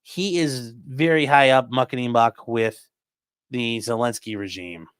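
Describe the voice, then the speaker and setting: A man's voice: mid-range voice, unhurried, clear, resonant tone, no room sound, clean studio sound. A man hosting a livestream, reading viewer donations and giving casual commentary in a sarcastic, rambling way with casual swearing.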